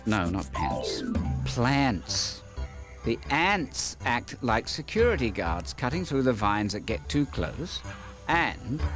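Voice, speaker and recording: A man gives a wisecracking nature documentary narration for kids, and his voice swoops up and down lively. He takes his time over each line and tucks in plenty of jokey asides. Music and crickets play steadily behind him. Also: medium pitch.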